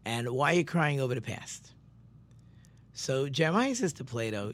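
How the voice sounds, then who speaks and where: A man's voice: mid-range voice, sing-song, fairly bright tone, a little hiss or hum. Man telling a Torah story, rambling. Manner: rambling, self-correcting, slows down to stress key words. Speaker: religious teacher. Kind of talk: informal Torah lesson storytelling.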